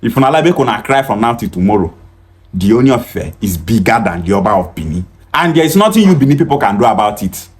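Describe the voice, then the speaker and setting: A man's voice: lowish voice, big pitch swings, fast talker. A man with a Nigerian accent giving heated, mocking political commentary, switching between Pidgin and English. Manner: combative, mocking, emphatic, mixing Pidgin and English.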